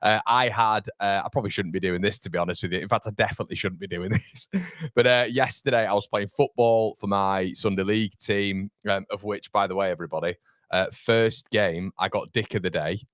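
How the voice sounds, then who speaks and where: A man's voice: lowish voice, steady tone, brisk, a bit bright, no echo, clean studio sound. A young man hosting a live football fan stream, rambling and chatty, reading out viewer comments while feeling a bit fuzzy from a mild concussion. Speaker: fan channel host.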